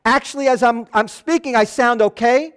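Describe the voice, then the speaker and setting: Pastor, man, higher-pitched nasal voice, earnest chatty sermon delivery. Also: normal speed, fairly bright tone, clean tone. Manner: earnest, loose asides and restarts. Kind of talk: conversational sermon.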